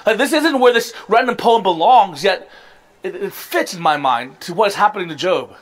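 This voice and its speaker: At a church service, a male pastor with a high-pitched, expressive voice delivers a sermon at normal speed. His style is conversational yet emphatic, with occasional laughs at his own expense.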